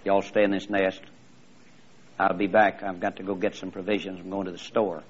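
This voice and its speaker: A man voicing a wise, protective mother eagle, speaking in a hushed, cautioning way on a slightly muffled recording. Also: fairly high pitch, animated, a little fast, slight background noise.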